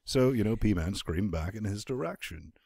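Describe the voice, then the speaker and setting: A man's voice: on the low side, expressive, moderate pace, vocal fry, mellow, breathy edge, dry recording. A man hosting a gaming podcast, joking brashly and crudely in casual banter. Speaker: podcast host.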